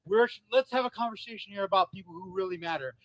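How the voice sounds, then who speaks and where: A man with a notably high voice argues on a live-stream panel. He is aggressive and insulting, and he curses hard as he shouts others down. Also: fast. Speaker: panel guest. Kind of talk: heated live-stream argument.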